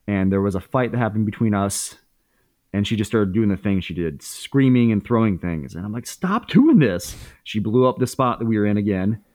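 A man's voice: lowish voice, a little mellow, dry recording. A man in his thirties as a podcast guest, candidly telling a story in casual speech, swearing freely with many fillers and restarts.

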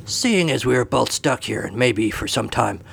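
A man voicing a gruff, dim-witted pirate captain who talks in pirate slang. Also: medium pitch, expressive, moderate pace, a bit bright, slight background noise. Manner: pirate talk, growling.

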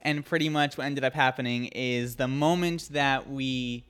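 A male radio host telling a story in casual studio chat, animated, laughing often and full of fillers. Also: medium pitch, moderate pace, clean tone.

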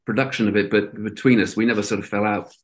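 Middle-aged man, interview guest, casual storytelling, animated, salty language. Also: lowish voice, quick pace. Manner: animated anecdote-telling with swearing and loud outbursts.

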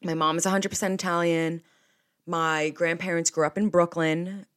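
A woman's voice: lowish voice, level tone, moderate pace, clear, resonant tone. A young woman, hosting a podcast in a rambling, casual chat full of swearing. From New Jersey. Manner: chatty and rambling, with frequent swearing. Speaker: podcast host.

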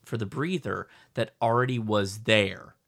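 A middle-aged man co-hosting a podcast, telling a rambling, animated story with lots of restarts. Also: lowish voice, a little slow, creaky. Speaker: podcast co-host. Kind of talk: casual chat.

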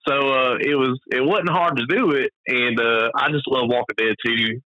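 A man's voice: medium pitch, normal speed, sharp tone. A man from the Southern US with a Southern accent, a guest talking in easygoing, filler-heavy casual chat. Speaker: guest, video creator. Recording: muffled lo-fi audio.

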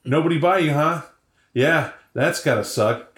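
A man voicing a hungry, menacing stray Doberman who taunts his prey in a low, slow drawl. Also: fairly bright tone, roomy sound, natural voice.

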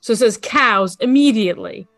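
A woman hosting a podcast, with a fairly high voice recorded dry and close. She ribs her co-host and laughs easily as she chats. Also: normal speed, fairly bright tone, no room sound, faint music behind. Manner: teasing, laughs often. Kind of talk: casual chat.

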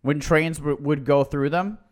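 A man co-hosting a casual podcast, telling history in an excitable, joking way. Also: a little high, a little slow. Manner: excitable, tells history with jokes. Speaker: podcast co-host. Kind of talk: casual chat.

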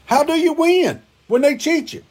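A man's voice: extremely high pitch, normal speed, darkish tone. A man hosting a call-in show, arguing hotly with a caller, repeating himself and cussing. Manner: exasperated, repeats himself, cusses. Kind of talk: heated call-in argument.

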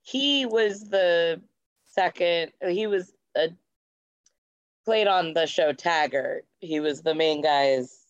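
A woman's voice: lowish voice, takes it slowly, smooth, muffled recording. A woman co-hosting a podcast in casual chat, sharing fun facts with small hesitations. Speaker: podcast co-host.

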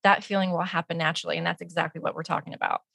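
Animated woman life coach, dry close sound. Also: fairly low pitch, rapid-fire, vocal fry, slightly rough, no room sound. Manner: animated, acts out her own inner dialogue. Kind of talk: casual podcast conversation.

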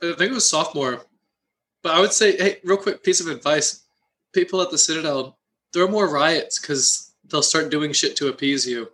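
A man's voice: fairly high pitch, moderate pace, bright, forceful tone. A young man joining a casual chat, joking and handing out mock advice. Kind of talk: casual chat among friends.

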